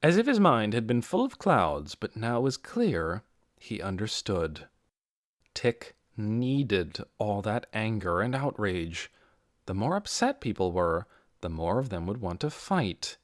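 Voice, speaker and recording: A man narrating an audiobook in a measured, dramatic storytelling manner. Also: lowish voice, big pitch swings, no room sound, studio quality. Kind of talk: scripted narration.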